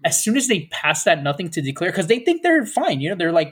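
Husky high-voiced man rambling. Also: big pitch swings, brisk, a bit bright. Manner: rambling storyteller, acts out quoted officers, many fillers. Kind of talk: casual chat.

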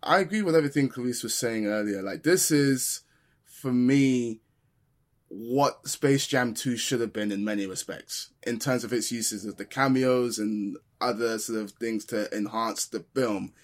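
A man's voice: medium pitch, measured pace. A man reviewing a film in easygoing casual chat, with lots of ums.

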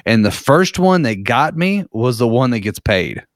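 A man's voice: medium pitch, big pitch swings, measured pace, no room sound, studio quality. Rambling, profane man telling a story. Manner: rambling, profane, heavy on filler words. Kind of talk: casual storytelling.

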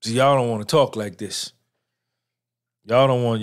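A man's voice: medium pitch, fairly even intonation, a little slow. A man hosting a podcast in a casual monologue, blunt and preachy, full of slang and checking in with "right?". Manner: asks for agreement with "right?". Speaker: podcast host.

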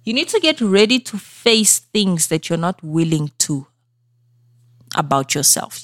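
A woman's voice: fairly low pitch, no room sound, studio quality. A woman hosting a solo motivational podcast from South Africa. She talks straight to her listeners in an earnest, coaching tone and keeps checking in with them. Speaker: podcast host. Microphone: studio microphone.

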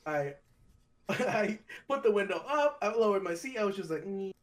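Young man, podcast co-host, casual storytelling, lively swooping pitch, acts out quotes. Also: normal speed.

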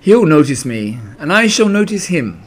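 A kindly, simple-minded storybook bear who wonders aloud in a gentle, musing voice that rises and falls a great deal, as a man puts him on. He speaks slowly and thinks things through as he talks. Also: on the high side, sing-song, pitched above the performer's own voice.

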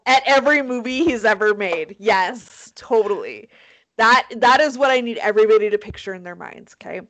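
A woman co-hosting a casual chat, telling a story in an animated, profane, self-mocking way. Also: fairly high pitch, normal speed, poor audio. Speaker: podcast co-host.

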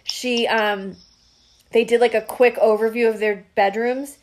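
A woman co-hosts a relaxed chat show, rambling with plenty of "like" fillers. Her voice sits slightly above the usual for a woman. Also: fairly high pitch, measured pace, slight background noise. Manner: chatty, lots of "like" fillers. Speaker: podcast co-host. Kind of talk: casual chat about a reality show.

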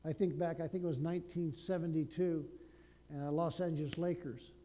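A male pastor preaching a sermon, swinging between loud declarations and hushed asides. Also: a little high, fairly even intonation, moderate pace, long reverb tail, a little hiss or hum.

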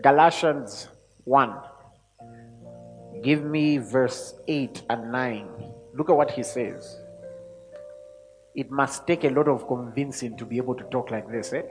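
A man preaching a sermon to a congregation, speaking emphatically and rising to loud peaks when he reads scripture. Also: mid-range voice, slow pace, pauses often. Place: church hall. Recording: long hall reverb with faint music.

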